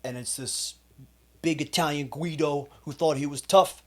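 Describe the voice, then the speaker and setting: A man's voice: on the high side, moderate pace. Intense man recounting a confrontation. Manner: intense, emphatic retelling with quoted shouts. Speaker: fitness coach and channel host. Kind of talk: personal storytelling to camera.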